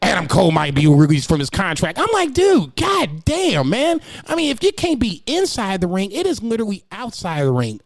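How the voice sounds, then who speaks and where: A man's voice: sits high, wildly swooping pitch, fast, hardly any pauses, dry recording. A man co-hosting a casual wrestling podcast, talking in a loose, profane way and slipping into a mock-preacher tone. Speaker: podcast co-host.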